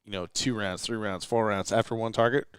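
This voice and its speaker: Smooth low-voiced man telling anecdotes. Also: a little fast, no echo, clean studio sound. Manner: storytelling, animated anecdotes. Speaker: podcast guest. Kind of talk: late-night casual chat. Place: indoors in a rental house.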